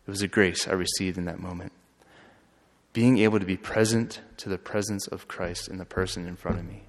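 A man who is a friar, telling a story in an earnest, halting way with frequent restarts. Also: low voice, fairly even intonation. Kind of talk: storytelling talk. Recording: long hall reverb.

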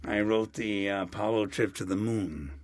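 An older man in a casual interview, speaking in an animated, rambling way with chuckling asides. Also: on the low side, normal speed. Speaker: interviewee, Latin expert.

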